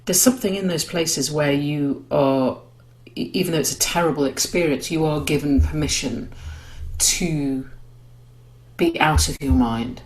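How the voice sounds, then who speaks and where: A woman's voice: deep voice, a little slow, a little mellow, low-quality recording. A middle-aged woman, hosting a conversation and reflecting thoughtfully on her own experience. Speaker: podcast host.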